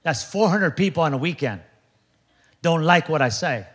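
A man with a high voice preaches a lively sermon from a church stage. He jokes, shifts into little acted voices of other people, and keeps his congregation involved. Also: normal speed, breathy edge. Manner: animated, jokey, acts out voices of others. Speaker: pastor. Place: large church before a congregation.

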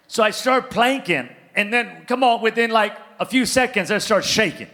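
Bright high-voiced preaching man. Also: moderate pace, few pauses. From California, US. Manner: animated, playful, calls out to congregation. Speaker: pastor. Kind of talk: sermon with comic storytelling.

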